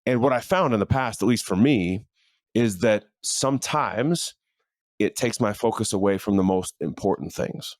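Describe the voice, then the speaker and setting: Middle-aged male podcast host, lower pitch, earnest and conversational, dry close studio mic in a home office. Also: expressive, normal speed, no echo. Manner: earnest, conversational, with frequent fillers and restarts. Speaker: podcast host and leadership coach. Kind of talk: casual motivational monologue. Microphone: studio microphone in a home office.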